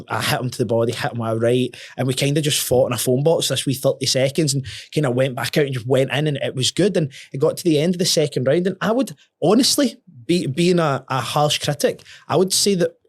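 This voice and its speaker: A young man speaking as a podcast guest, with a mid-pitched voice. He tells his story in a casual, animated way. He swears often and stumbles over repeated words. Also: fast talker, husky.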